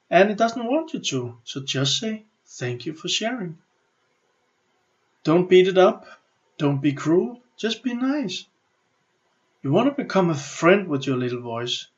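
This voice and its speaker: A middle-aged man with a Danish accent gives a motivational coaching lesson. He talks in an animated way, acts out inner thoughts and often restarts his sentences. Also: a little high. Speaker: business and personal development coach. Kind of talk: motivational teaching talk. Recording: slightly muffled lo-fi audio.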